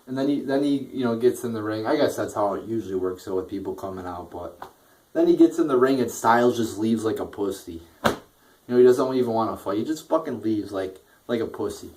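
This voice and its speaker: A man's voice: fairly low pitch, animated, brisk, a little mellow. Man, young adult, casual review rant, heavy swearing, frustrated, frequent restarts. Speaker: wrestling show reviewer.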